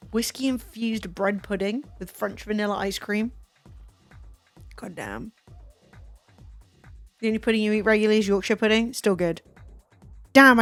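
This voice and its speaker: Her voice fairly high and free of echo, a young Englishwoman streams while chatting casually. She swears a lot and keeps things animated with jokey asides.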